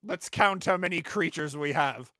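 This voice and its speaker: A man playing a tabletop game, loud and exasperated, swearing often. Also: a little high, moderate pace. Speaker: player.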